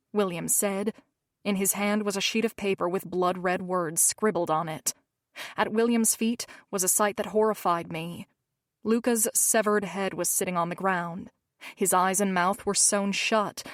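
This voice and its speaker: Woman narrating a dark romance novel. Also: mid-range voice, no room sound, clean studio sound. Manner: measured first-person storytelling. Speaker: audiobook narrator.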